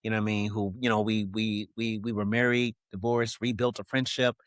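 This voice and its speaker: A man's voice: lowish voice, flat delivery, fairly quick, no room sound, clean studio sound. A man speaking as an interview guest, talking candidly and reflectively with many "you know what I mean" fillers.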